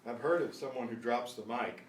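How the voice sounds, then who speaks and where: A man teaching a beginners' Spanish class online, explaining patiently and repeating each phrase slowly. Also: medium pitch, far from the mic. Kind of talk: online beginner language lesson. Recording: roomy echo with faint noise.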